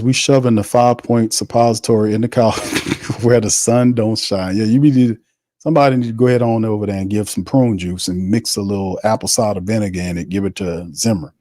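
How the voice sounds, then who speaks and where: A man's voice: on the low side, mellow, no room sound, clean studio sound. A man hosting a live football watch party, calling the plays, reading viewer messages and trash-talking. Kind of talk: live play-by-play and chat reading.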